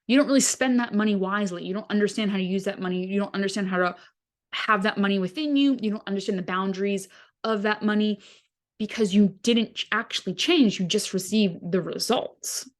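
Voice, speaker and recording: A woman's voice: medium pitch, a little fast. Woman casually teaching mindset habits. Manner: conversational, explains with everyday examples. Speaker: podcast host, dietitian.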